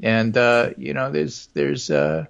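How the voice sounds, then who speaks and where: A man's voice: medium pitch, fairly even intonation, slow pace, gravelly, clean tone, lo-fi sound. A man co-hosting a talk podcast, speaking in a dry, wandering way with many fillers. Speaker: podcast co-host. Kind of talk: casual talk show chat.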